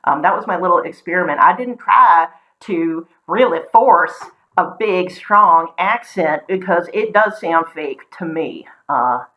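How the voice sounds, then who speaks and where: Southern woman with a North Carolina accent, deep voice, musing and rambling, dull lo-fi recording. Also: measured pace, hardly any pauses. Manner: rambling, frequent ums and restarts. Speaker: vlogger. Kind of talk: casual explanatory talk.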